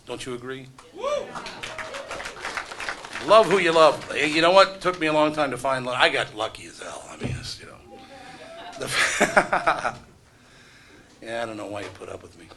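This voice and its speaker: A middle-aged radio host emcees a live event with a bright, forceful voice. He trades wry, sarcastic asides and self-deprecating jokes with the audience. His pitch sits in an ordinary male middle range. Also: lively intonation, normal speed, long pauses, slight background noise.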